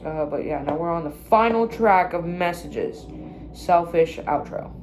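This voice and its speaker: A woman's voice: lowish voice, lively intonation, a little slow, a little mellow, slight background noise. A woman casually reacting to her own songs, blunt, self-critical and swearing freely. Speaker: musician reacting to own album. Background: own music playing clearly.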